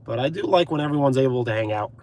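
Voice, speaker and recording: A young man from Brooklyn chats easily on a live stream from inside his car. His pitch rises and falls a lot as he thanks viewers by name and drifts between topics. He fills gaps with "uh" and "like". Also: lively intonation, racing, a little mellow. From Brooklyn, USA. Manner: chatty, thanks viewers by name, frequent uh and like fillers. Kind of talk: casual live stream chat reading comments.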